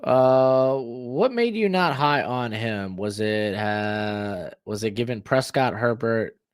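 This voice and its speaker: Hosting a football watch-along stream, a young man rambles and jokes casually, reading chat, reacting to plays, and talking to his dog. He speaks slowly in a smooth, animated, mid-range voice.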